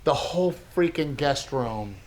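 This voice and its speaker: A man hosting a podcast, telling stories in an animated, casual way and saying "dude" a lot. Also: fairly high pitch, unhurried, noisy background. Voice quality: animated storyteller, says "dude" often. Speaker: podcast host. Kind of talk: casual chat.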